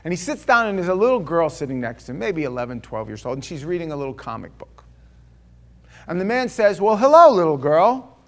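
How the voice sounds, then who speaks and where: A pastor preaching a sermon in an animated, conversational storytelling way. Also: male voice, fairly high pitch, fast.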